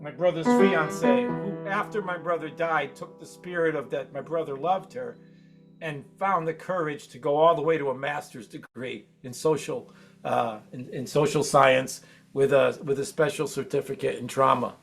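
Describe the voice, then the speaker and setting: High-voiced man, emotional and halting. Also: creaky, a bit bright, soft background music. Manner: emotional, halting, rambling tribute. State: close to tears. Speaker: open mic feature performer. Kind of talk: spoken remarks between songs at a live open mic. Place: small venue stage.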